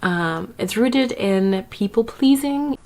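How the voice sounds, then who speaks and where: A woman vlogger giving casual self-care advice to camera, chatty and often laughing, with quick asides. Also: mid-range voice, lively intonation, darkish tone.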